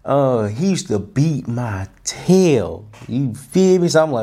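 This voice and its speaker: A man telling a childhood story in a casual, animated way, often restarting and repeating himself. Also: mid-range voice, takes it slowly. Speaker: host. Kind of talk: personal storytelling talk.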